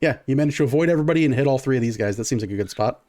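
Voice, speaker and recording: A man's voice: mid-range voice, very fast, warm tone. A man running a tabletop game as game master, narrating casually with lots of fillers and counting out dice rolls.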